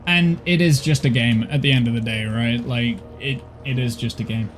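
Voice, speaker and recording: A man's voice: medium pitch, steady tone, moderate pace, slight background noise. Tired, apologetic male game streamer. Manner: self-deprecating, apologetic, rambling with restarts. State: tired, overheated. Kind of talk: casual live-stream gaming chat. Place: home office.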